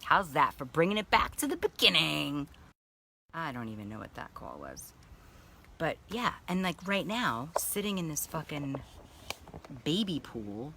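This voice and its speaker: A woman coaching on a live video while sitting in a baby pool, talking candidly and with plenty of swearing about feelings and energy, and pausing to greet viewers by name. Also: deep voice, big pitch swings, gravelly, bright, forceful tone, a little hiss or hum. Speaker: spiritual coach.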